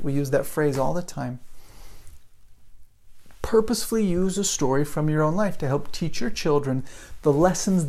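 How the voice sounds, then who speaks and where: A man's voice: fairly high pitch, mellow. A man in his forties, an English teacher, chatting through a live-streamed lesson and often asking "right?". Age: 40s.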